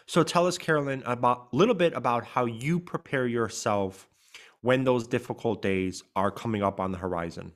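A man's voice: mid-range voice, normal speed. A man co-hosting a podcast as a grief coach, talking in an earnest, emphatic way and stressing key words. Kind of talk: podcast conversation.

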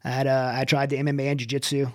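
A man's voice: mid-range voice, completely flat delivery, rapid-fire. A middle-aged man and military veteran, guest in an interview, candidly telling his own story with many restarts. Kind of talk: personal testimony in conversation.

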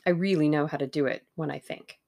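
A woman's voice: low voice, fast, gravelly. A woman voicing an eager, bubbly young woman. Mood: excited. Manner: excited, bubbly, gushing.

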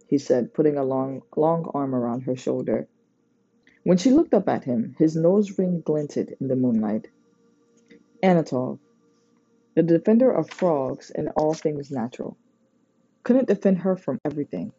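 An audiobook reader giving unhurried storybook narration. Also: mid-range voice, expressive, warm tone, breathy edge, dry recording. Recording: dull lo-fi recording.

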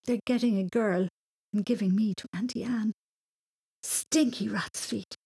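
A woman's voice: mid-range voice, steady tone, a little slow, warm tone, breathy edge, voice pushed up. A woman voicing a determined, forgetful little boy who talks eagerly and emphatically. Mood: upset.

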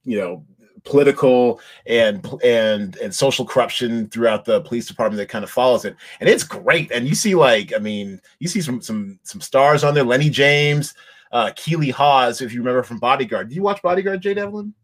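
A man talking casually with a co-host about the shows he has been watching. His sentences wander, break off and restart, with plenty of fillers along the way. His voice sits at an average pitch. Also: expressive, moderate pace. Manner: rambling, many restarts and fillers. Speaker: podcast host.

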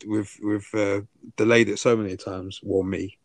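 A man's voice: lowish voice, little pitch movement, normal speed, dry recording. A man co-hosting a podcast, chatting casually and teasing his co-host. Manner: banter, swearing, teasing. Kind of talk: casual chat.

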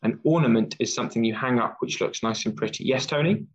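A man's voice: medium pitch, fast talker, highs cut off. Encouraging male teacher on a video call. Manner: encouraging, explains words as he reads. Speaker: English reading teacher. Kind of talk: online class read-aloud.

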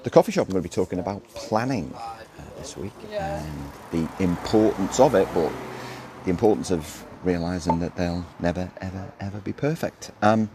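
Very deep-voiced man chatting at a street café. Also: animated, normal speed. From Australia. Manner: chatty, rambling, self-interrupting. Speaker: podcast host. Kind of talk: casual solo podcast chat. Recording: noisy outdoor street recording. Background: street ambience, birds and passing cars.

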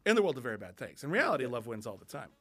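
Lively, wry podcast film critic. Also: male voice, medium pitch, racing, slightly rough. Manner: wry, lively, ironic asides. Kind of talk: casual film discussion.

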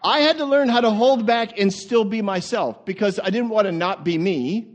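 A male pastor preaching in a church, animated and laughing, often repeating words as he goes. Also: high-pitched, normal speed. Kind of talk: sermon. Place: church sanctuary.

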